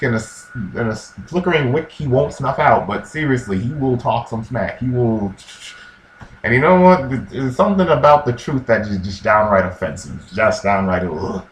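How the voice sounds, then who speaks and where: A man talks in a loose, slangy way about faith, and his pitch swings widely as he acts out quotes. The room is echoey, with faint ambient noise behind him. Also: lively intonation, moderate pace. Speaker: vlogger. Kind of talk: casual religious commentary.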